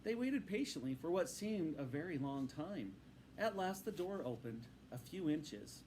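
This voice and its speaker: A man reading a storybook aloud to his students in a patient, instructive and expressive way. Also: mid-range voice, normal speed, slight background noise, rough recording.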